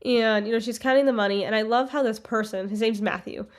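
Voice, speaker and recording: A woman's voice: fairly high pitch, steady tone, quick pace. Woman casually recapping a book. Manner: rambling retelling with many likes and quoted lines. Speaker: podcast co-host.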